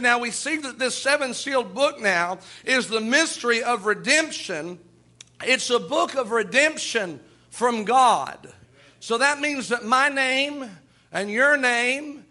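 High, bright-voiced preacher man. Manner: preaching with Bible reading and folksy asides. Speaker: pastor. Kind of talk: sermon. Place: church.

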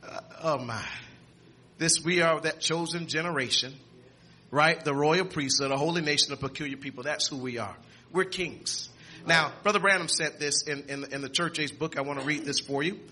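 A man preaching a sermon in a high, very bright voice. He reads scripture aloud, stumbling and repeating words, then rises to shouted exclamations. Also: normal speed, a little hiss or hum.

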